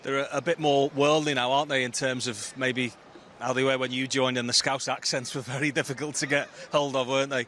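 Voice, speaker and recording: A man's voice: medium pitch, little pitch movement, fairly quick, a bit bright, a little hiss or hum. A man presenting a live club broadcast from an outdoor training ground, chatty and easygoing. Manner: chatty, easygoing, plugs subscriptions.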